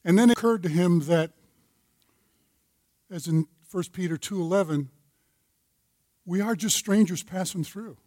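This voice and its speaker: A man's voice: high voice, measured pace, long pauses, darkish tone, dry recording. A retired older man teaching a men's Bible study, telling a folksy story and citing scripture. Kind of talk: sermon-style teaching.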